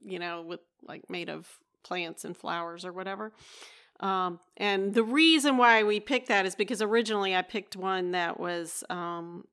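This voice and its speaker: A woman with a bright, forward voice co-hosting a relaxed podcast chat. She talks in a chatty, easygoing way and laughs readily. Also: on the low side, normal speed. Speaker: podcast co-host. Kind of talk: casual chat.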